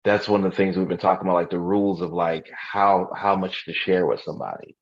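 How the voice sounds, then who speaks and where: A man's voice: sits low, fairly even intonation, fairly quick, lo-fi sound. A man co-hosting a podcast in casual chat, a laid-back, profane storyteller. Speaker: podcast co-host.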